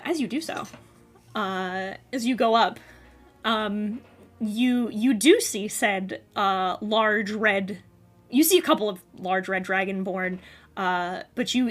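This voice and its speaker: A woman's voice: mid-range voice, fairly bright tone. A woman running a tabletop game as dungeon master, describing the scene in a rambling way. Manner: rambling, full of fillers and restarts.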